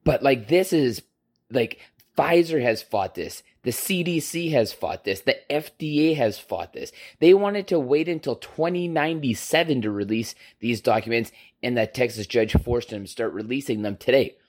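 A man in the middle of a fired-up monologue, blunt and full of swearing. He talks at a medium pitch, firing one rhetorical question after another. His tone is heated and confrontational throughout. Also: normal speed. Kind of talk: profane opinion rant.

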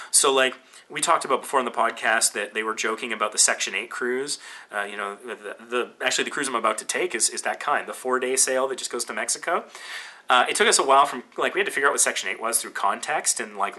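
A Canadian man with a Canadian accent hosts a podcast, rambling casually with plenty of fillers and restarts. His voice is medium-pitched with a sharp tone.

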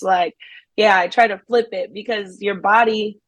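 A woman's voice: mid-range voice, fairly even intonation, normal speed, a bit bright, no echo. Upbeat young woman actress, dry sound. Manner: upbeat, laughs often, many fillers like "like". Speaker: guest actress. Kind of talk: casual interview chat.

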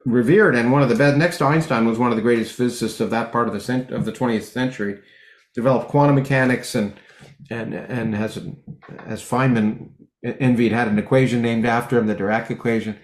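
A middle-aged man, a physicist guest in an interview, talking in long rambling stretches full of restarts and lively anecdotes. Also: medium pitch, a little fast, roomy sound. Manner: rambling with many restarts, animated when telling jokes. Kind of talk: conversational interview, anecdotal storytelling.

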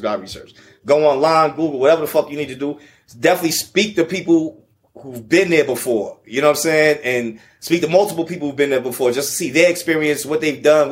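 A man telling a long personal story in casual, profane podcast chat. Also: a little high. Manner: profane, animated storyteller, repeats "you know what I'm saying". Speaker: podcast guest.

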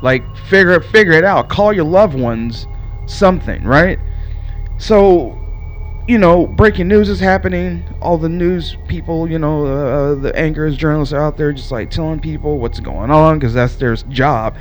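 A man's voice: on the high side, normal speed, faint music behind. A young man hosting a solo podcast, ranting in a rambling way with lots of swearing and fillers. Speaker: podcast host.

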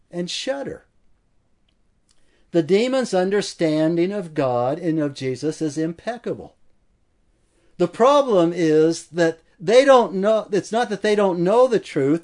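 Emphatic preacher man, a bit high. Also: a little mellow. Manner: emphatic, builds with repeated phrases. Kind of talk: expository sermon.

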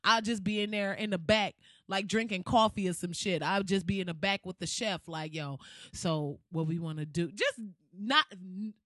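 A woman's voice: mid-range voice, moderate pace, hardly any pauses, dry recording, clean studio sound. A woman ranting in a comedic, profane way, laughing often and acting out what people would say. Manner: animated, profane, laughs often, acts out quotes. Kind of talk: casual comedic rant.

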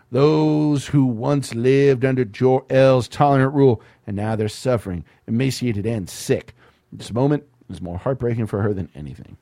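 A man's voice: mid-range voice, warm tone, dry recording, studio quality. A man hosting a comedy show who reads a screenplay aloud, with wry asides and frequent laughter at the material. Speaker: podcast host reading a screenplay aloud. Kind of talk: comedic script read-through.

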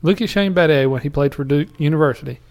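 A man in casual chat, chiming in with quick wisecracks and reactions. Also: fairly high pitch, darkish tone.

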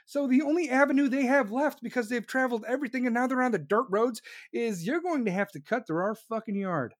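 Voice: mid-range voice, brisk. A host delivering a heated, profane rant, sarcastic and repetitive, mocking officials with put-on voices. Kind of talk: profane ranting commentary.

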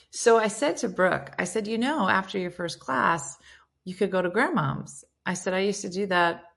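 A woman's voice: mid-range voice, animated, measured pace, vocal fry. A woman in her forties hosting a casual morning show, chatting and reading out listener messages. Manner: chatty, reads listener comments aloud.

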